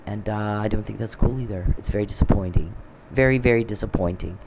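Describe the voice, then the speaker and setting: A man's voice: fairly low pitch, brisk. A man ranting bitterly in a monologue, speaking straight at an absent opponent. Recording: steady background noise.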